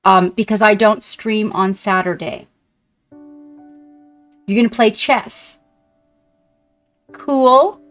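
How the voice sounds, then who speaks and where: A woman streamer chatting casually and warmly with her viewers, gushing and rambling as she paints. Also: mid-range voice, steady tone, slow, pauses often, faint music behind. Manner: chatty, effusive, talks to chat. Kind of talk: casual live-stream chat.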